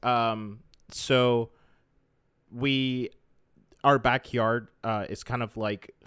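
A man speaking in a casual chat, halting and searching for words. His voice sits at a middle pitch. The sound is dry and close to the mic. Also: fairly even intonation, a bit bright, clean tone, no echo. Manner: hesitant, with many fillers and restarts.

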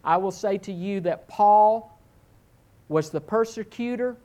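Male pastor, sermon, lively self-mocking storyteller with big pitch swings. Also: a little slow.

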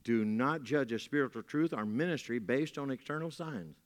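A man in the pulpit delivering a sermon in a folksy, plain-spoken way, hammering key lines by saying them twice. His voice sits in an ordinary middle pitch and rings out with the long reverb of a church hall. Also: moderate pace. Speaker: pastor.

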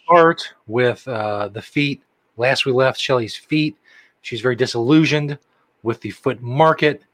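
A man's voice: mid-range voice, slow, fairly bright tone, no echo, rough recording. A man co-hosting a casual podcast, teasing his co-host with jokes and mock outrage. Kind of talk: casual chat.

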